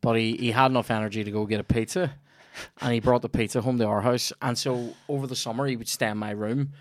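Northern Irish male host, swears freely, spins lively yarns, dead-dry recording. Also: mid-range voice, fast, no room sound. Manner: sweary, animated anecdote telling. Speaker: podcast host. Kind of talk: casual comedy podcast chat.

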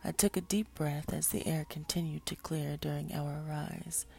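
A woman narrating a story in a hushed, breathy, gravelly voice. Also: deep voice, fairly even intonation, moderate pace, faint music behind.

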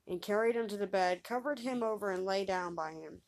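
A woman reading an old fairy tale aloud, lifting her pitch and volume for the characters' lines. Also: brisk, hardly any pauses. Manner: lively reader raising pitch and volume for quoted voices. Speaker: storyteller.

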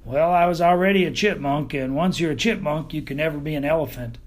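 A man with a Texan accent voicing a dazed, dopey male dog who talks in a slow, dreamy way in an audiobook. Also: fairly high pitch, lightly acted. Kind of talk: audiobook character voice.

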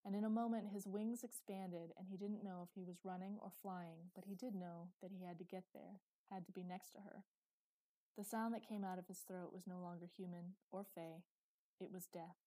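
Low, mellow woman narrating a story. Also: steady tone, moderate pace, no echo, low-quality recording. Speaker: audiobook narrator. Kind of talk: scripted dark fantasy narration.

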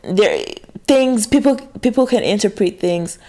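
In a casual confessional monologue, a woman rambles frankly and swears freely, full of fillers and restarts. Her voice is medium-pitched, animated, unhurried, and warm.

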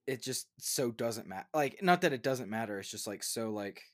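A man's voice: mid-range voice, lively intonation, normal speed. A young man co-hosting a podcast in casual chat, rambling with lots of fillers and laughs. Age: young adult. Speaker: podcast co-host.

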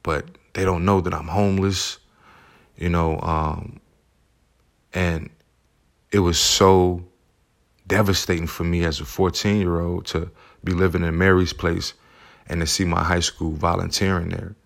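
A man with a deep, low voice tells his own story as a single father. His talk is heartfelt and loose, and he keeps circling back with easy fillers like "you know" and "man". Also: level tone, unhurried, vocal fry, pauses often. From United States. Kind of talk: personal storytelling.

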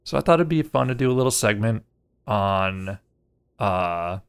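Smooth-voiced man rambling through a review. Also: on the low side, lively intonation, measured pace. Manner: rambling, many fillers, trails off quietly. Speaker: podcast co-host. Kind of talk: casual movie review chat.

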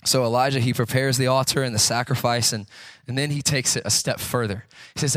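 A man's voice: medium pitch, steady tone, quick pace, fairly bright tone, dry recording. A man preaching a sermon in a conversational way, asking rhetorical questions and acting out the quotes he tells. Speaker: pastor.

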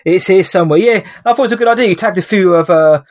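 A young man co-hosts a podcast, trading jokes and laughing easily. His voice sits a bit high. The sound is dry and close, with no room echo. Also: rapid-fire. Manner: jokey, laughs often, banter. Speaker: podcast co-host. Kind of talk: casual chat.

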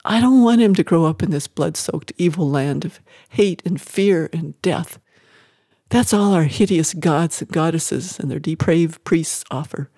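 A reader voicing a grieving, desperate mother in a dramatic audiobook, her lines pitched higher and pleading. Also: measured pace, mellow, no room sound, clean studio sound. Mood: fervent. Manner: raised, pleading, higher than the narration.

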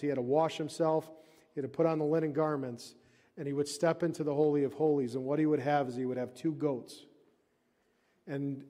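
A man preaching a sermon as pastor at a church service, moving from emphatic reading to hushed, intense explanation. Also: fairly high pitch, in a large hall.

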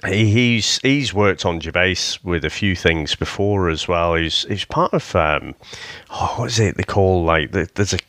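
A man's voice: low-pitched, a little slow, fairly bright tone, dry recording, clean studio sound. A man co-hosting a podcast, chatting casually and easily about a comedy series, often seeking agreement with his co-host. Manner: easygoing, asking for agreement. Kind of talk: casual chat.

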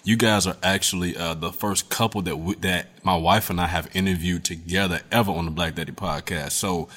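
A man's voice: low voice, fairly even intonation, fairly quick, a bit bright, slightly rough. A middle-aged man hosting a podcast, upbeat and talking straight to his listeners. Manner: upbeat, speaks to the listeners directly. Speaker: podcast host. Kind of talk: casual interview chat.

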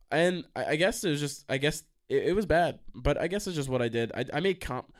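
In a college radio studio, a young man with a fairly high voice hosts his show at a normal pace. He rambles casually and profanely, gets excited and heated, and keeps wandering off topic.

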